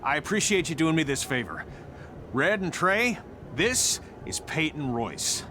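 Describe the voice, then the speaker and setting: A man's voice: a little high, big pitch swings, unhurried, bright, forceful tone, slight background noise, exaggerated voice. An actor voicing a sardonic veteran male wrestling trainer who teases his students. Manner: sarcastic, teasing. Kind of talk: video game cutscene acting.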